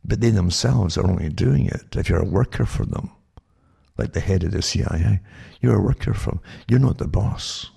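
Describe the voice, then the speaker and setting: Deep gravelly man in rambling monologue. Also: normal speed, warm tone. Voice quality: gravelly, husky. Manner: rambling, with frequent restarts and asides like "eh?". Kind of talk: monologue commentary.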